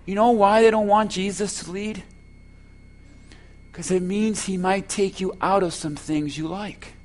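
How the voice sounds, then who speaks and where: Male pastor, unusually high voice, deliberate slow sermon delivery, emphatic. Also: fairly even intonation. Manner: preaching with slow, emphatic delivery and rhetorical questions.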